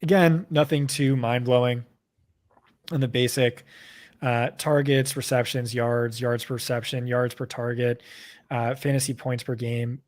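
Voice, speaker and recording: A man with a New Jersey accent co-hosting a live stream, talking quickly and casually with lots of fillers. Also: mid-range voice, steady tone. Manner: quick, chatty, full of fillers. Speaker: co-host presenting a data tool.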